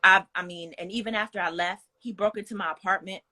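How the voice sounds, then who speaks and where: Bright-voiced young woman telling her story. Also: medium pitch, fairly even intonation, quick pace. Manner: earnest and frank, heavy on fillers like "like" and "you know". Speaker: guest. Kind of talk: candid personal storytelling.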